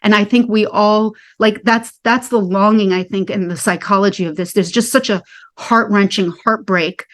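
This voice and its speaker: A woman's voice: mid-range voice, steady tone, moderate pace, fairly bright tone. A woman speaking earnestly in a discussion, impassioned, repeating phrases for emphasis. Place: Staten Island.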